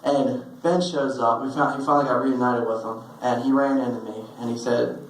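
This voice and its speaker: A man's voice: medium pitch, level tone. Man giving a eulogy in an echoey hall. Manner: halting, many restarts and fillers, storytelling. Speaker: eulogy speaker. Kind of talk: personal eulogy with stories. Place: funeral service hall. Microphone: phone recording from the audience. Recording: very echoey hall, phone recording.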